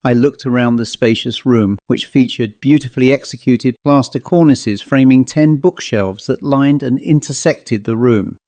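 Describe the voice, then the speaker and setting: A man narrating a ghost story in a measured, formal storytelling manner. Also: medium pitch, warm tone, no echo. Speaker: narrator and author.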